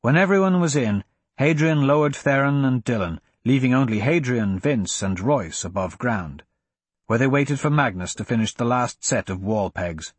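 A man narrating a fantasy audiobook in an expressive storytelling manner. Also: medium pitch, normal speed, slightly rough, no room sound.

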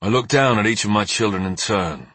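A man's voice: fairly low pitch, brisk, sharp tone, husky, no room sound. A man narrating a story in the first person, tense and earnest. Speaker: audiobook narrator.

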